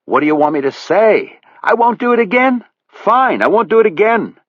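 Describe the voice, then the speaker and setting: A whiny, pleading man caught in a betrayal, his voice pushed up high and nervous, as a male narrator puts him on. He sounds defensive and desperate, lively in pitch. The audiobook recording is dull and dry. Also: normal speed, no room sound. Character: guilty pleading male boat partner.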